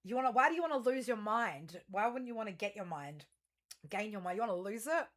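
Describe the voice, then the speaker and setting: Brisk and expressive, with a medium-pitched voice, a woman addresses her viewers during a laid-back tarot and astrology reading. Her talk is rambling, profane and chatty, packed with fillers and self-interruptions and restarts.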